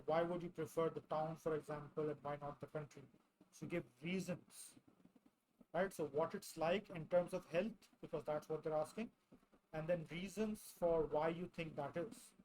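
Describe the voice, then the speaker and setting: A male English tutor with a slightly raised pitch talks his class through speaking answers. He goes slowly and carefully, and he often tags his points with a questioning "right?". Faint ambient sound sits behind him. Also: darkish tone, slight background noise, rough recording. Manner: slow, deliberate delivery with frequent "right?" tags. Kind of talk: explaining and demonstrating speaking answers.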